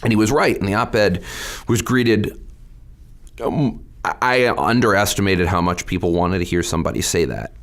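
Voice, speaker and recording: Lively candid man, low voice. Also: normal speed. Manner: candid, animated storytelling. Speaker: state representative guest. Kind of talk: podcast interview.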